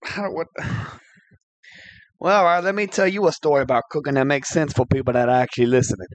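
A man co-hosting a comedy podcast, telling tall tales with loud, animated outbursts. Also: a little high, brisk, no room sound. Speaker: co-host.

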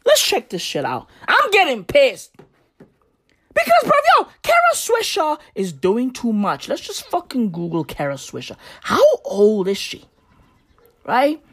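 Woman doing a sweary comedy rant, high voice all over the place. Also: huge pitch swings, unhurried, breathy edge. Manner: profane, slangy, swings from musing to shouting and sing-song chanting. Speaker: comedic commentator. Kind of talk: ranting comedic monologue.

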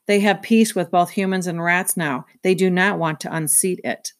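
A woman voicing a wise, stern old man in a read-aloud, speaking in measured, formal phrases. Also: fairly low pitch, fairly even intonation, no room sound, clean studio sound, lightly acted.

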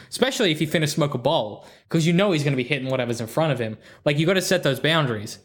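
A man's voice: fairly high pitch, lively intonation, racing. A man co-hosting a casual advice chat, rambling and profane with plenty of slang and repeated words. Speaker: podcast co-host giving advice.

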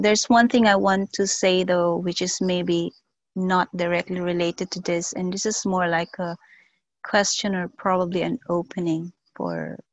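A woman sharing personal reflections slowly on a video call, with many pauses and fillers. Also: on the low side, no room sound, rough recording. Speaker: workshop participant sharing.

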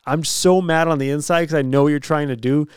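A man's voice: on the high side, steady tone, a little fast, smooth, no room sound, clean studio sound. A young man hosting a podcast in casual chat, joking and rambling with frequent laughs. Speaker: podcast host.

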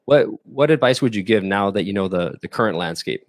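A man's voice: fairly low pitch, expressive, fairly quick, no room sound, clean studio sound. A man hosting an interview, asking a long question with hesitant repeated words. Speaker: interviewer, host.

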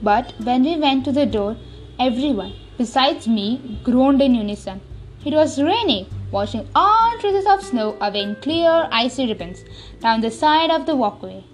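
A woman reading a first-person novel aloud as an audiobook narrator, with steady, lightly expressive storytelling. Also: high-pitched.

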